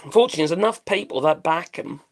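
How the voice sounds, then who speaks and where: Middle-aged British streamer, blunt and sweary, rambles; high-pitched with a gravelly edge. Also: male voice, rapid-fire. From Britain. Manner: blunt, sweary, rambling, laughs at own jokes. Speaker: live stream host. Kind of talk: casual live-stream commentary.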